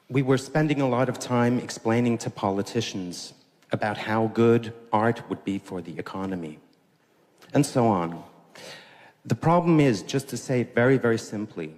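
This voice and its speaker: Man, very low voice, critical rebuttal, echoing hall. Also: a little mellow. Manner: pointed, critical. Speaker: debate participant. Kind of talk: critical public debate rebuttal. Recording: echoey hall.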